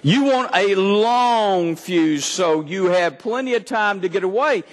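Slow-speaking preacher, high voice. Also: male voice, animated, long reverb tail. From Texas. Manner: reads scripture then explains it with humor. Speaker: pastor. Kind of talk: sermon.

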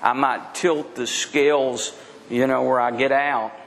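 A man's voice: steady tone, a little slow, gravelly, a bit bright. Man preaching in a reverberant church. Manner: preaching with rhetorical questions and wide swings in pitch. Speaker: pastor. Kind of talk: sermon. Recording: long hall reverb with faint noise.

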